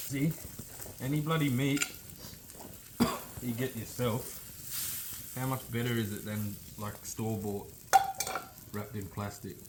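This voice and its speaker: An Australian man vlogging casually while cooking outdoors, talking in a relaxed, blokey way, swearing casually and tagging lines with "eh". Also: medium pitch, takes it slowly, long pauses, echoey room, very noisy. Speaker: outback station vlogger.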